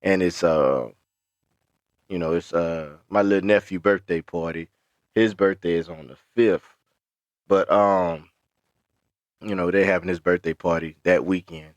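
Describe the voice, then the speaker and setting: A young adult man co-hosting a podcast in casual chat, telling stories, often laughing and jumping up high to quote other people. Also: a little slow, long pauses, no room sound. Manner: animated storyteller, acts out high-pitched quotes, laughs often. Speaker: podcast co-host.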